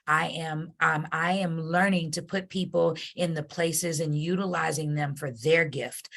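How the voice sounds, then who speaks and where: A woman host with a low voice and plenty of gravelly fry. She speaks in an effusive, emotional way, close to tears, as she thanks her guest and wraps up. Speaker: host and company CEO. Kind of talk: heartfelt interview wrap-up.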